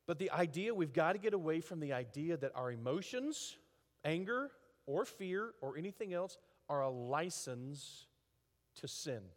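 A middle-aged man preaching a conversational sermon as a pastor, with lively acted asides. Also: a little high, normal speed. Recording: long hall reverb.

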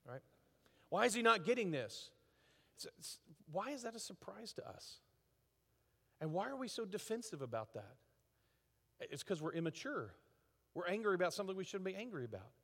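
A middle-aged man preaching a conversational sermon as a pastor, with lively acted asides. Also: sits high, brisk, pauses often. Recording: long hall reverb.

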